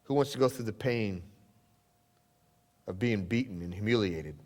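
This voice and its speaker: A male pastor preaching a sermon, swinging from loud exclamations down to hushed, near-whispered lines. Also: lowish voice, normal speed. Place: church sanctuary. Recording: long church hall reverb.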